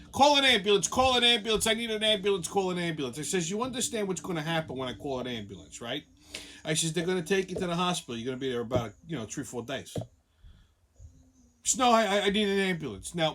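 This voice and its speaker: A man with a high, bright voice tells a rambling, profane story in an animated, casual way. He keeps acting out the other people's lines as he goes. A faint hiss sits under the recording. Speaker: show host.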